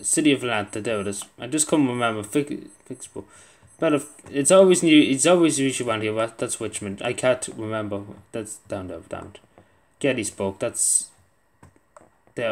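A man's voice: fairly low pitch, creaky. Muttering young man playing a quiz. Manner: muttering, self-deprecating, swearing under his breath. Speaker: gaming video creator. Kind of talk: casual gameplay commentary.

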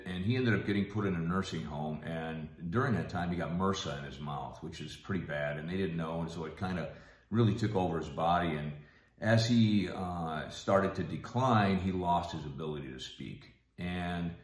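A man with a very low, deep voice tells a personal family testimony. He speaks softly and haltingly, pausing often. The sound carries the echo of a roomy space. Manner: soft-spoken, halting, with frequent pauses. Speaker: guest sharing a family testimony.

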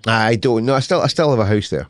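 A man's voice: medium pitch, fast, no room sound, clean studio sound. A Scottish man in his fifties, a guest author in casual interview chat, who laughs often and swears freely. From Scotland. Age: 50s.

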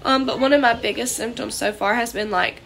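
A woman's voice: a little high, fairly even intonation, fairly quick, gravelly, a crowd in the background. A young woman, sick and congested, rambling in a scattered way with many fillers in a casual vlog from her trailer. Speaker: vlogger. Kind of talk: casual talk to camera. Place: small trailer indoors.

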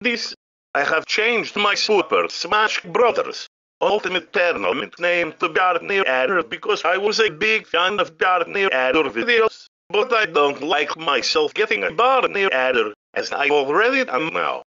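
A man's voice: high voice, very animated, moderate pace, pushed and bright, full character voice. A man voicing a whiny, cheeky cartoon sidekick. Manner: pleading, nagging, springy intonation. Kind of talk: fan-made text-to-speech cartoon. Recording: dull lo-fi audio.

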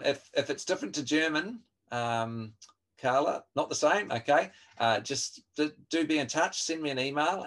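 A man leads an online training session over a video call microphone. His pitch sits in an ordinary middle range. He talks in a friendly, chatty way, full of fillers, restarts and asides to the group. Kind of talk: online webinar teaching.

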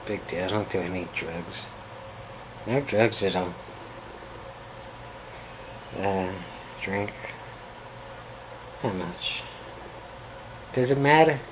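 A man with a fairly low voice rambles through a casual vlog, wandering off topic with wry, self-mocking asides. A loud air-conditioner hum sits under his voice. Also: poor audio. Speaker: pool instructor.

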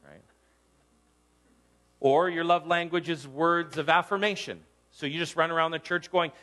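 A middle-aged man, a pastor, preaching a conversational sermon and acting out little scenes in livelier voices. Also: a little slow. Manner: conversational, animated, acts out quotes in higher voices.

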